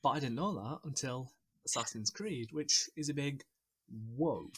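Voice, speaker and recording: A man's voice: medium pitch, a little slow, slightly rough, no room sound. A man hosting a casual podcast chat, talking enthusiastically and rambling a little with fillers. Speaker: podcast host.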